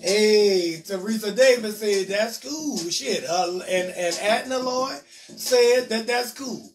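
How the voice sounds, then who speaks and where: Male comedian host, high voice, reads viewer comments with loose jokes; off-mic, music playing behind. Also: slow, recorded from a distance. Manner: loose, joking, talks back to commenters. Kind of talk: live-stream commentary reading viewer comments.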